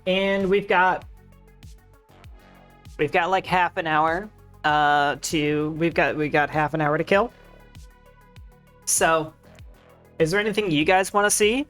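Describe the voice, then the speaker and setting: A woman streaming games, chatting casually and excitedly with her viewers, rambling and restarting her sentences. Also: low voice, slow, pauses often, soft background music. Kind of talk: casual gaming stream chat.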